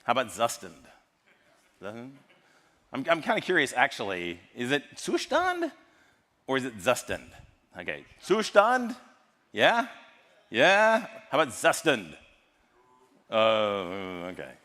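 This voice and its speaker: An American man giving a lively, joking tech talk at a live conference and quizzing the audience. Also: medium pitch, measured pace, long pauses. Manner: lively, jokey, polls the audience. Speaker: conference speaker. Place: large conference hall. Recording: long hall reverb from a live stage.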